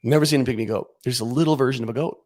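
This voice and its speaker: A man as a podcast guest, telling a comic story in a casual, animated way, acting out what he and others said. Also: mid-range voice, rapid-fire.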